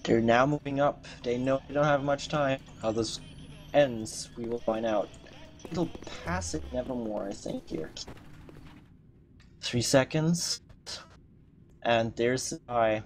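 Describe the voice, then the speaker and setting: A man's voice: mid-range voice, slow pace, pauses often, soft background music. A man casting an online game match and interviewing players, thinking aloud in an upbeat, chatty way over a headset. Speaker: tournament caster. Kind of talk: live game commentary and interview.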